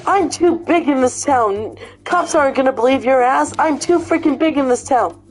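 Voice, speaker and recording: A short-fused, foul-mouthed cartoon plumber shouts and swears in a pitched-up voice, as a woman puts him on. He can switch to a sugary politeness in a blink. Soft music plays faintly underneath. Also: moderate pace, close to an everyday voice. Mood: boastful. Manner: raging, swearing, then fake-polite.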